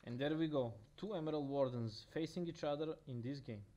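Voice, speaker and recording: A man's voice: on the high side, a little fast, dark tone, lo-fi sound. A man with a Russian accent casting a video game match by himself, talking casually with many fillers and restarts. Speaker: esports caster. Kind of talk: solo game commentary.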